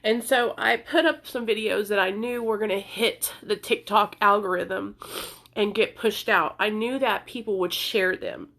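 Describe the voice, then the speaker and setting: A woman's voice: mid-range voice, fairly even intonation, measured pace, fairly bright tone. A young woman talking to camera in an emotional personal vlog, earnest and pleading, crying as she speaks. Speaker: content creator sharing recovery story.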